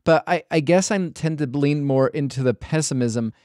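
A man talks casually on a podcast, circling around his points with false starts and hedges. His voice sits a little higher than most men's. The recording is dry, with no room sound. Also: moderate pace, darkish tone, no echo. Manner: rambling, full of restarts and hedges. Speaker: podcast host.

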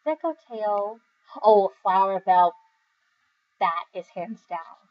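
A tired young woman reading viewer comments in a casual, rambling chat, giggling often and filling pauses with "um" and "like". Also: medium pitch, muffled recording. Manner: giggly, rambling, with many fillers. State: overly tired. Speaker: video creator reading comments.

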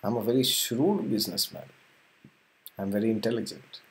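A man's voice: lowish voice, lively intonation, moderate pace. A man voicing a clever, humble boatman in a spoken scripture tale, insisting and boasting of his shrewdness. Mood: boastful.

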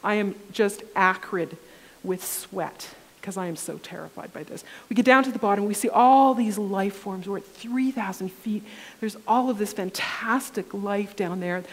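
Woman journalist at a conference lectern, vivid storyteller; mid-pitched voice, long hall reverb. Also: moderate pace. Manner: animated storyteller, acts out quoted dialogue. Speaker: keynote speaker. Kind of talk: storytelling keynote talk.

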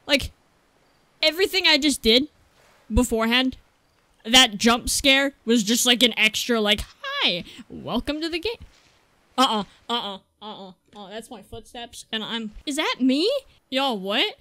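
A woman's voice: a little high, bright, forceful tone, no room sound. A young woman commentating a horror game let's play for her viewers, jumpy, swearing and laughing at her own fear. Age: young adult. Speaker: gaming YouTuber.

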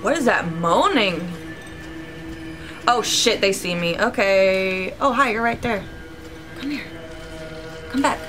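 A woman's voice: mid-range voice, expressive, takes it slowly, long pauses, over music. A young woman giving casual let's-play commentary, chatty and reactive, talking to her viewers with sudden yelps. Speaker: gaming YouTuber.

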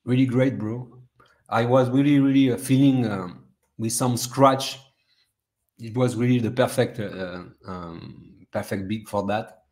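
A young man hosting a casual livestream in English, which is not his first language. He talks slowly, with lots of ums and repeated words. He hypes up the chat with loud bursts. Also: mid-range voice. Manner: hyped, repetitive, lots of fillers. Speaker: livestream host.

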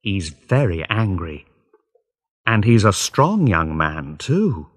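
A male reader narrates a graded story very slowly and deliberately, spacing his phrases clearly. His voice is fairly low and slightly husky, with a tone that rises and falls widely in big pitch swings.

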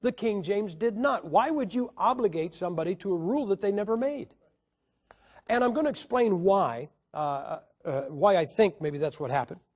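A man's voice: high-pitched, animated, moderate pace, darkish tone. A man teaching a Bible class in a lecture style, asking his listeners questions and counting out syllables for emphasis. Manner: emphatic, asks the audience questions.

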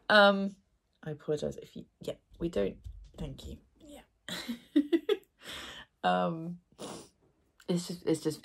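A young woman, tired and hoarse, chatting casually to camera as a book vlogger, excitable and quick to laugh. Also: low voice. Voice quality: gravelly, husky voice. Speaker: booktube vlogger.

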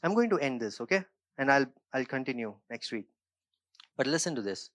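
A man's voice: mid-range voice, very animated, brisk, a bit bright, no echo. A male pastor from India preaching a sermon in an emphatic, building manner. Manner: emphatic, preaching with rising intensity.

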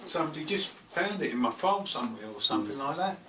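A man interviewing a veteran, chatting in a lively, animated way. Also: fairly high pitch, fast, heavy background noise. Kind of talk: casual chat. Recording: distant, echoey room mic.

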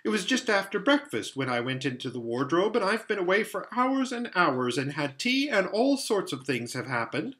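High, lively eager young girl, as a male reader puts her on, storybook. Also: moderate pace, few pauses, heavily acted. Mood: excited. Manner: pleading, eager, insistent. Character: earnest, excitable young English girl. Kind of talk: storybook read-aloud.

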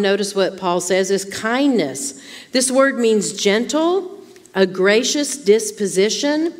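A woman gives an informal teaching sermon to a room of women, checking in with frequent rhetorical questions. Her voice sits in a middle register. A long hall reverb trails her words in the church. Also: mid-range voice. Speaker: Bible teacher at a women's conference. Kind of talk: conversational sermon.

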